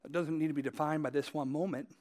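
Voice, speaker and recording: A man with a fairly high voice preaches a sermon. He tells his points as a story, speaking straight to the people listening and repeating key phrases to drive them home. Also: fairly even intonation, quick pace, darkish tone. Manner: conversational storytelling, addressing listeners directly. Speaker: pastor.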